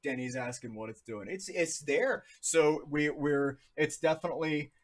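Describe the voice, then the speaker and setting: A man's voice: fairly high pitch, normal speed. A man in his thirties from New Jersey, casually talking through charts on a live stream in a chatty, jokey way. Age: 30s. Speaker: crypto livestream host.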